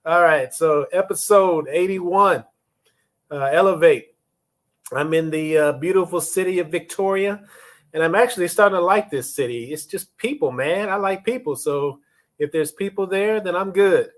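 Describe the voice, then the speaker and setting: A man's voice: high voice, moderate pace. A man in his fifties hosting a casual leadership livestream from a phone or webcam, chatting and greeting viewers by name.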